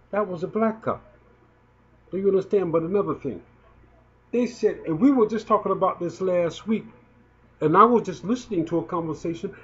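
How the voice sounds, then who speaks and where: A man in his fifties giving emotional spoken commentary, indignant and stumbling as he repeats his words. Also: a little high. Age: 50s. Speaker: video blogger. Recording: dull lo-fi recording.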